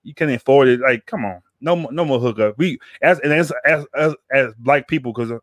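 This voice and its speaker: A man hosting a podcast talks at a quick clip, rambling along and circling back on his words with casual slang. His voice sits at an ordinary pitch, and the sound is close and dry with no room around it. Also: no room sound. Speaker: podcast host. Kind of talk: casual chat.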